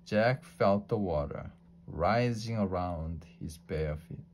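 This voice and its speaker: A man reading a children's storybook aloud in a slow, deliberate way, with small slips. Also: sits low, darkish tone, a little hiss or hum. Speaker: storybook reader.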